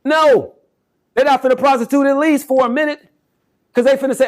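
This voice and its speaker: A man in his forties with a strikingly high voice preaches at the camera in a fervent, rambling monologue. His speech is slangy and casual, doubling back on itself with frequent restarts. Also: steady tone, a little fast, long pauses. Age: 40s. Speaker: self-styled political campaigner. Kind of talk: impassioned direct-to-camera monologue.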